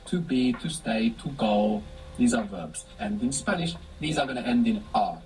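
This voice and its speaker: A man's voice: mid-range voice, expressive, moderate pace, vocal fry, a little mellow, a little hiss or hum, poor audio. A man teaching a language lesson, patiently explaining step by step and prompting his student with questions.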